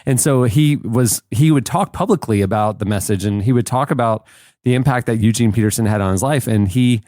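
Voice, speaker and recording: A man's voice: lowish voice, a little mellow, dry recording, studio quality. A man hosting a podcast, chatting casually with friends and reading an ad, rambling with restarts. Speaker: podcast host. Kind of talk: casual chat and ad read.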